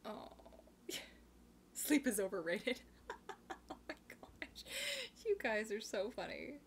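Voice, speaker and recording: A young woman from Canada hosting a casual live chat, bubbly and rambling, reading viewer comments aloud and breaking into quick laughs. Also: medium pitch, expressive, a little hiss or hum. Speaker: livestream host.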